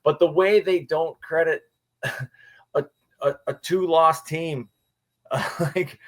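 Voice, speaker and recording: A man's voice: on the high side, fairly even intonation, slow pace. A man co-hosting a sports podcast, complaining in an exasperated, sarcastic way in casual chat. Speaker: podcast co-host.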